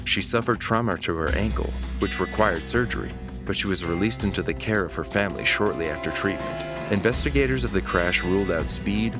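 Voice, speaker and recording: A man narrating a true crime story in a measured, somber scripted voice-over. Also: sits low. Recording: voice-over with music behind.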